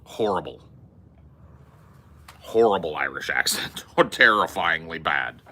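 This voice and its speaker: A man's voice: low-pitched, moderate pace, sharp tone. A man hosting a podcast, rambling casually and bluntly with plenty of swearing. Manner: rambling, profane, blunt movie opinions. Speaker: podcast host. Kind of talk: casual chat.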